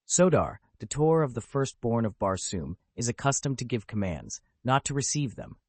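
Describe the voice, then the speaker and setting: A man voicing a proud pirate prince in an audiobook, calm and dignified with a faint ironic edge. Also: medium pitch, moderate pace, no echo. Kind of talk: audiobook character voice.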